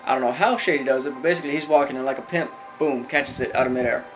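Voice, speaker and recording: A man's voice: medium pitch, rapid-fire, muffled recording, soft background music. A young man giving a casual, rambling recap of a cartoon episode, full of fillers and "like". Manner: rambling, filler-heavy storytelling with lots of "like". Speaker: video reviewer.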